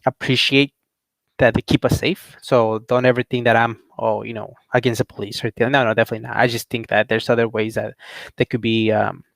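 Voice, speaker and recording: A young man rambles through a personal story in a relaxed, unscripted way. He laughs often and gets animated when quoting other people. His voice sits at an ordinary middle pitch, recorded dry and close. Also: fairly quick, gravelly, no echo. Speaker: channel host. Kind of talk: casual storytelling rant.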